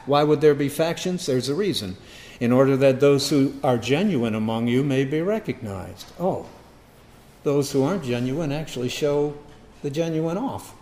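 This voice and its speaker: A man's voice: mid-range voice, a little mellow. A man preaching a sermon as pastor, reading scripture with emphatic, dramatic stress.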